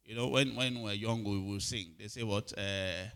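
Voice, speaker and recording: A man's voice: on the low side, steady tone, normal speed, fairly bright tone, smooth. A middle-aged man preaching a sermon, often asking if listeners are following and repeating his words. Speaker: pastor.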